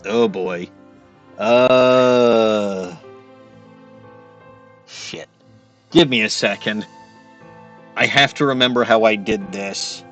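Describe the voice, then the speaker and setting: A man's voice: on the low side, very slow, long pauses, fairly bright tone, faint music behind. Casually swearing male game streamer. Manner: casual, swears freely, self-deprecating. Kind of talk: casual let's-play commentary.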